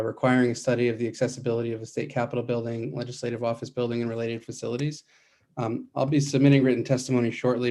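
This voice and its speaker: A man, a nonprofit policy advocate, giving formal testimony, measured, with frequent hesitations. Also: medium pitch, dark tone. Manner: measured, many uh fillers.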